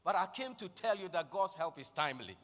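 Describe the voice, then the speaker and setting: A man preaching a sermon with passion, often rising to shouted declarations. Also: sits high, animated, brisk. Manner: impassioned, building to shouted declarations. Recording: long echo of a large hall.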